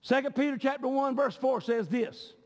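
A man's voice: extremely high pitch, fairly even intonation, normal speed, darkish tone. A man pastor, preaching a sermon with passion and often repeating words as he goes. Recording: long hall reverb.

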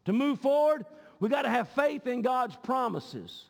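A man preaches a sermon with a very high voice that has a gravelly edge. He is impassioned and often repeats words as he pushes his point. The sound rings with the long reverb of a church sanctuary. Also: big pitch swings, a little slow. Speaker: pastor.

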